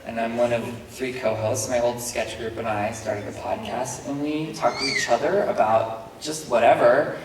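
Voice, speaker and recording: Heard from a distance through a handheld mic in a large, echoey convention hall, a man answers fan questions on a panel amid a noisy recording. His mid-range voice holds a fairly even intonation at normal speed with few pauses, and he rambles in a self-deprecating way, chuckling often.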